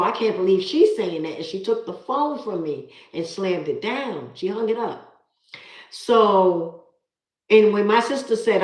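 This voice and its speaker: A middle-aged woman live-streaming, reading viewer comments and talking in an emphatic, preachy way, often repeating herself. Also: medium pitch. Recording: roomy echo.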